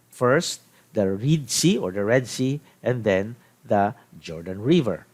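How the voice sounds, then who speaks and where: A middle-aged Filipino-accented man gives a recorded language lecture at a very unhurried pace. His voice sits at an ordinary pitch for a man. He stops often to restart a phrase as he explains. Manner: slow, halting explanations with many restarts. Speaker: teacher of biblical Hebrew.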